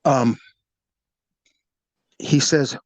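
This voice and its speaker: A middle-aged man, a former police officer, telling a personal story in an animated, vivid way, acting out the sounds. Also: mid-range voice, drawn-out words, no echo, low-quality recording. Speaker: retired police officer recounting a shooting. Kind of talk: storytelling in an interview.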